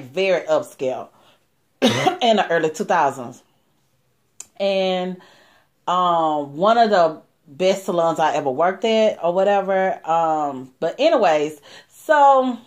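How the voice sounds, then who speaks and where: Chatty woman with a lively pitch. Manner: chatty, animated, many fillers and asides. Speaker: vlogger telling a personal story. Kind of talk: casual storytelling to viewers.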